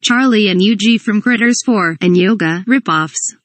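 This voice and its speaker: A woman's voice: mid-range voice, moderate pace, a bit bright, no room sound. A woman reading a comedic parody script aloud. She reads stage directions and dialogue and spells some words out letter by letter.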